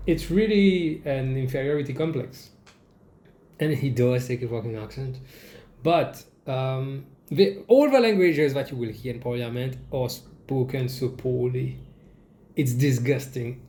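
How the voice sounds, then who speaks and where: A young man from Mauritius, host of a comedy show, ranting in a casual, animated way and swearing freely. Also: moderate pace. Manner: animated, jumps into mocking high-pitched quoted voices, swears. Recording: echoey room.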